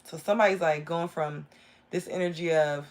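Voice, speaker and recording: A woman's voice: low voice, fairly even intonation, normal speed, a little mellow. A woman giving a live tarot reading, rambling and enthusiastic as she talks straight to her viewers. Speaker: tarot reader.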